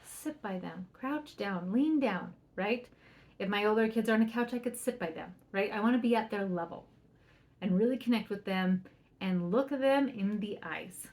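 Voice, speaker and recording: A woman's voice: mid-range voice, normal speed. Chatty upbeat woman parenting coach. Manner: chatty, upbeat, keeps asking "right?", acts out soft quoted lines. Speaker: parenting coach and podcast host. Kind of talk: solo podcast advice.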